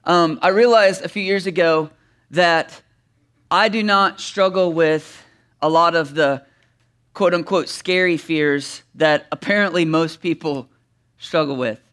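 Male pastor, animated sermon delivery, high-pitched bright tone. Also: unhurried, clear, resonant tone. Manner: animated, reads scripture dramatically, then chats with humor.

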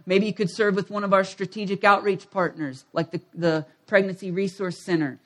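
A man with a high, bright voice preaches a sermon as pastor. He delivers it animatedly, swinging from quiet asides to near shouts. At times he drifts off the mic. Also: steady tone, moderate pace. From United States.

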